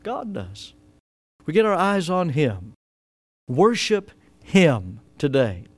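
A man preaching a sermon as pastor, rising to loud emphatic peaks and dropping to soft, low asides. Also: sing-song, slow. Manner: preaching with sudden loud rises and soft drops.

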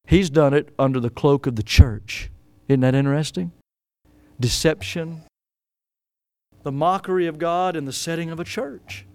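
High, smooth-voiced preacher man. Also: normal speed, pauses often, no room sound. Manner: preaching with sudden swings from loud to hushed, stretching key words; repeats words and restarts mid-phrase. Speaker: pastor. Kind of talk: sermon.

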